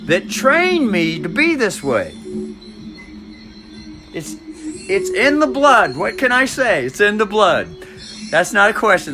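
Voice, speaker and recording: Man, 50s, navy veteran, rambling to camera, unhurried, repeats himself, chuckles, music behind. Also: high-pitched, pushed and bright.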